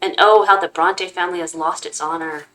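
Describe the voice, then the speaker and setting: A woman voicing a guilt-maddened old grandfather who rants and shouts at his family. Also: on the low side, fairly even intonation, fairly quick, faint music behind, low-quality recording. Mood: lamenting. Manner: shouting, ranting. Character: raving old male grandfather, guilt-mad, zealous.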